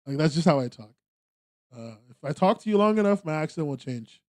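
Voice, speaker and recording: A man's voice: fairly high pitch, animated, a little fast, a little mellow. A young American man hosting a podcast, chatting casually in a rambling way with lots of fillers and restarts. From United States. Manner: rambling, laid-back, frequent fillers and restarts. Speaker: podcast host. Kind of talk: casual chat.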